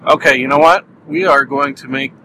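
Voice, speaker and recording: A man's voice: medium pitch, steady tone, brisk, background noise. A Canadian man hosting a podcast, rambling through a solo review chat and laughing at his own jokes. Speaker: podcast host.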